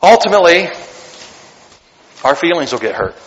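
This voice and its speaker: A man preaching a sermon as pastor, animated and joking, acting out little voices to make his points. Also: fairly high pitch, moderate pace, muffled recording. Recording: long hall reverb.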